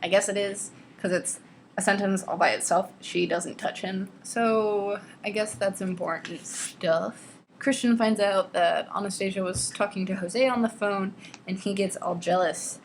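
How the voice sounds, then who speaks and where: A young woman vlogger reading a novel aloud and ranting about it, sarcastic and exasperated, swearing freely and squeaking high when she mocks lines. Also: fairly even intonation, measured pace, slight background noise. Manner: jumps to squeaky high pitch when mocking quotes. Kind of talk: casual ranting book commentary.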